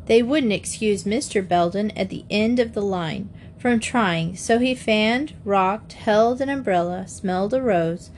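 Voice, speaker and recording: A woman reads a children's mystery aloud in a slow, measured storytelling way. Her voice sits in a middle pitch, and faint noise hums behind the reading. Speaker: audiobook narrator. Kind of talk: scripted narration of a children's mystery.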